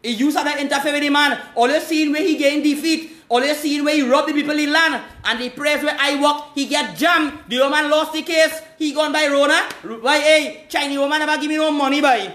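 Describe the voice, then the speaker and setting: A man's voice: extremely high pitch, fairly even intonation, brisk, few pauses, pushed and bright, echoey room. A man, hosting a live call-in stream, talking in an agitated, repetitive way. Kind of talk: casual live call-in chat.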